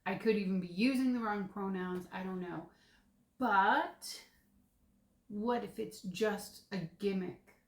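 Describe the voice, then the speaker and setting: A woman talks over things with her co-host on a stream, speaking in an even middle voice. She weighs her words and hedges a bit. The room around her rings with echo. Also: medium pitch, slow. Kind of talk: casual live-stream chat. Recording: echoey room.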